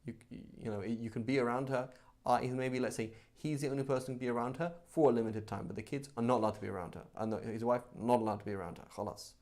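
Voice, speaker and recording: A man teaching a religion class in a loose, conversational manner. He is mid-pitched and talks as if chatting with his students, with frequent "right?" asides and acted-out examples. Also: steady tone, quick pace, few pauses, a little mellow.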